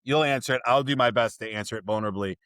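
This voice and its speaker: A man's voice: medium pitch, very fast, a bit bright, clear, resonant tone, dry recording. A male podcast host with a mid-range voice, talking in an earnest, reflective way. He laughs easily between thoughts. The recording is dry and close. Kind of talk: casual interview chat.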